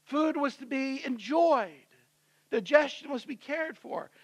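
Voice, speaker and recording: A male pastor delivers a sermon in a relaxed, conversational storytelling way, slipping in and out of the characters' voices. His voice is very high-pitched for a man. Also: a little slow. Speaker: senior pastor. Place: church.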